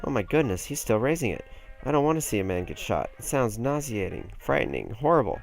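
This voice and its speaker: A man voicing a flustered young woman heroine in a game, shouting frantically. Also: mid-range voice, big pitch swings, fairly quick, vocal fry, faint music behind, voice pushed up. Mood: panicked.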